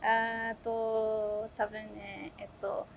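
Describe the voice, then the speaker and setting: A woman's voice: on the high side, level tone, takes it slowly, creaky, slight background noise. A young American woman from Texas, chatting in a street interview, laughing often and leaning on fillers. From Texas, USA. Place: city street outdoors.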